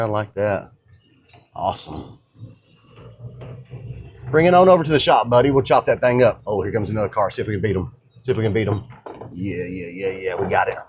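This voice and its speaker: There's slight background noise behind this fairly low-pitched male voice. In his casual how-to vlog, a DIY truck builder jokes around while working on a truck in his home garage, addressing viewers easygoingly as guys.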